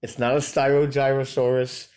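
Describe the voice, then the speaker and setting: A man's voice: mid-range voice, flat delivery, moderate pace, darkish tone. A father chatting with his child, asking playful questions and teasing. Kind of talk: casual chat with his child.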